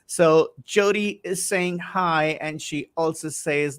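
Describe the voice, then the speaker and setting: A man's voice: fairly high pitch, normal speed, few pauses, fairly bright tone. A man hosting a live-streamed interview, chatty, reading out viewer comments and asking questions. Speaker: host.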